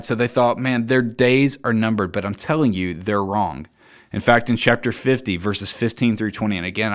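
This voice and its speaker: A man preaching a sermon, earnest and emphatic, reading scripture aloud and dropping low and soft to land his key points. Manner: reads scripture aloud and acts out quoted voices.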